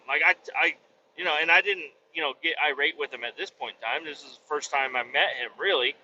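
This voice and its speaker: A man's voice: on the high side, animated, moderate pace, sharp tone. A man telling a casual, exasperated story, swearing heavily as he recounts the dialogue. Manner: heavy swearing, exasperated retelling. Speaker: podcast host. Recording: dull lo-fi audio with faint noise.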